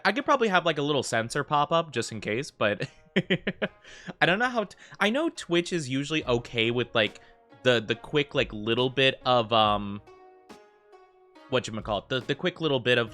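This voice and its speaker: Bright, rambling American streamer guy. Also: medium pitch. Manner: rambling, heavy use of fillers like "like". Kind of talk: casual livestream chat.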